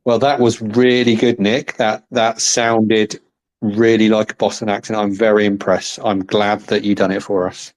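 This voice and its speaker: Man, podcast host, fairly low voice, playful teasing chat. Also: flat delivery, normal speed. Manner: teasing, chatty, encouraging. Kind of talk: casual interview chat.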